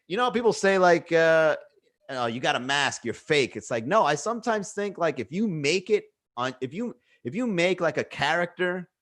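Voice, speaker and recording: A man's voice: fairly high pitch, fairly bright tone. Rambling, musing man on a casual podcast. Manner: rambling, musing, swears freely, many fillers. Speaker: podcast host. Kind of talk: casual solo podcast monologue. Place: indoors at home.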